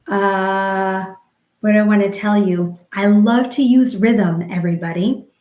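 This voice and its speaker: An encouraging woman leads a live speech exercise class at a very unhurried pace. She speaks in a mid-range voice and stretches each phrase out in rhythm. Her voice carries an echo from the room she is in. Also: medium pitch, fairly even intonation, a little mellow. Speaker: speech therapy livestream host.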